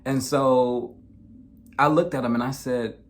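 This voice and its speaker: A man's voice: mid-range voice, fairly even intonation, measured pace. Earnest man recounting a painful story. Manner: earnest, repeats words and restarts when emotional. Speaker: narrator telling his own story. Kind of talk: personal true-crime storytelling.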